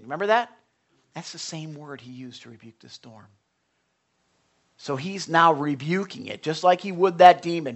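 A man's voice: fairly high pitch, normal speed, fairly bright tone. A male pastor of Italian background delivers a sermon in an earnest, conversational way. He often stumbles and restarts as he builds his points.

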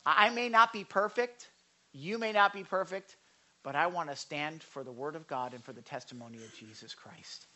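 A preacher giving a sermon, emphatic and conversational, swinging between loud declarations and hushed asides. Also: medium pitch, normal speed. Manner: conversational with repeated asides and restarts.

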